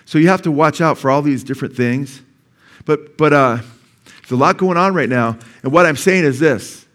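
A man's voice: a little high, moderate pace, fairly bright tone. A middle-aged male pastor preaching a sermon in a church, talking conversationally and asking the congregation questions.

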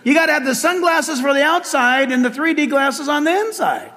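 An older man preaching a sermon as pastor, telling stories in an animated, humorous way. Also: very high voice, brisk, big-room sound.

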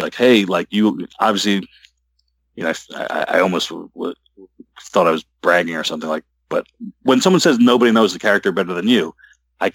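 A man talking as an interview guest about his comic work, halting and rambling with many restarts. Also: sits low, fairly bright tone, slightly rough, no room sound. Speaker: comic book writer guest. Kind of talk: casual interview talk.

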